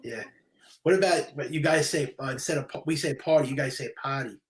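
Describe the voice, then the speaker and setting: A man's voice: fairly high pitch, brisk. A man from New York with a New York accent, hosting a live stream with brash, insulting banter.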